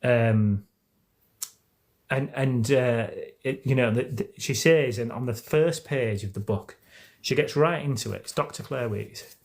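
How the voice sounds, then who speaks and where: A man's voice: mid-range voice, unhurried, gravelly, a little mellow. A man with an English accent hosting a casual live stream at home, talking earnestly and rambling with many restarts. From England. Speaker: host of a live stream on anxiety recovery.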